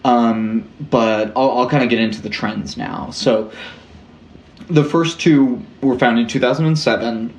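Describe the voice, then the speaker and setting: A man co-hosting a casual true-crime podcast, relaxed and halting, with fillers and restarts. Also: mid-range voice, roomy sound. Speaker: podcast co-host.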